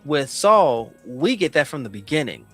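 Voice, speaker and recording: A man co-hosting a casual comic review podcast, animated and profane, acting out characters as he talks. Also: on the high side, moderate pace, faint music behind. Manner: animated, profane, acts out characters mid-story. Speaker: podcast co-host.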